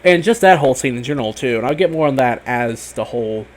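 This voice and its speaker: A man giving a casual, rambling spoken review of a TV episode, excitable and swearing often, full of fillers. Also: medium pitch, fast talker, slight background noise.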